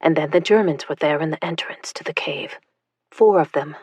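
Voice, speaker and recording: A woman narrating an audiobook in a tense, hushed storytelling manner. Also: deep voice, moderate pace, breathy edge, no echo.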